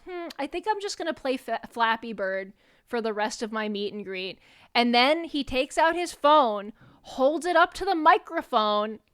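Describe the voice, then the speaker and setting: A young woman streamer telling a story to her chat, animated and swearing freely as she acts out what people said. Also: on the high side, clear, resonant tone, no room sound, clean studio sound. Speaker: VTuber streamer.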